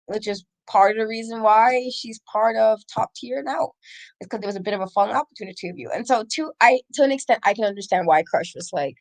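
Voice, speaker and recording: A woman co-host talks in a relaxed, casual chat. She gets animated and her voice rises when she quotes someone. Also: fast talker. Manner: animated, quotes people with rising pitch. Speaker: podcast co-host.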